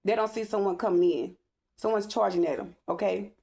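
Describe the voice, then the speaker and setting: A woman's voice: medium pitch, steady tone, brisk, vocal fry, warm tone. A woman reading tarot cards in a spiritual vlog, talking bluntly and emphatically, swearing freely and asking "okay?" over and over. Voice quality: emphatic, repeats "okay?" often. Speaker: tarot reader.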